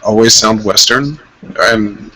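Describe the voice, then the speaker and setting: A man's voice: fairly low pitch, slow pace, sharp tone, a little hiss or hum, low-quality recording. A man from Tennessee with a Tennessee accent, joking crudely in casual voice chat banter. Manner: profane, joking. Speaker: voice chat participant.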